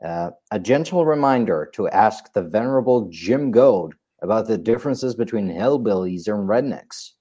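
A man hosting a casual podcast, his first language Slavic. His voice sits on the low side, and he speaks hesitantly, filling pauses and correcting himself as he goes. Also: lively intonation, warm tone, husky. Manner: hesitant, with many fillers and self-corrections. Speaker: podcast host.

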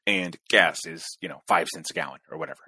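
A male guest on a talk stream, explaining at length in a steady lecturing way with fillers. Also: sits low, quick pace, slightly rough, dry recording.

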